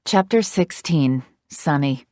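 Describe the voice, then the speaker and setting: A woman narrating a romance audiobook in the first person, soft and intimate. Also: low-pitched, animated, takes it slowly, no echo, studio quality.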